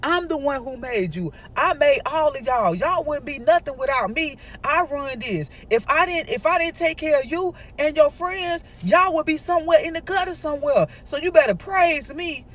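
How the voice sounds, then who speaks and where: A man's voice: very high-pitched, lively intonation, normal speed, hardly any pauses, fairly bright tone. A woman voicing a boastful, controlling man who brags and gives orders in a storytime. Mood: domineering. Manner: bragging, domineering, commanding.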